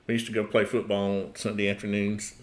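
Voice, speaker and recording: A man's voice: fairly low pitch, flat delivery, fairly quick. A middle-aged man with a Tennessee accent hosting a casual livestream, rambling, chuckling and trailing off mid-sentence. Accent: Tennessee Southern US. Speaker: host.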